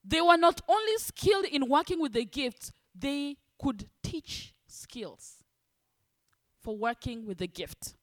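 A woman preaching a sermon, animated, acting out the voices of church members. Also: high-pitched, slow. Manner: animated, acts out congregants' voices.

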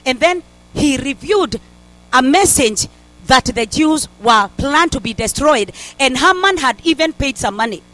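A high-voiced woman preaching a fervent sermon. She exhorts her listeners, circles back to the same refrains, and often restarts her sentences mid-phrase. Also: lively intonation, measured pace, fairly bright tone, poor audio. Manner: fervent, repeats "in the mighty name of Jesus", stumbles and restarts.

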